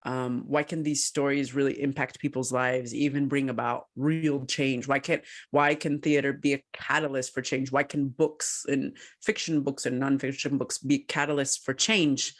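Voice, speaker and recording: A woman co-hosting a podcast who tells her story in a casual way, animated and laughing often. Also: a bass voice, normal speed, hardly any pauses. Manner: animated, laughs often, acts out quoted voices. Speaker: podcast co-host and researcher.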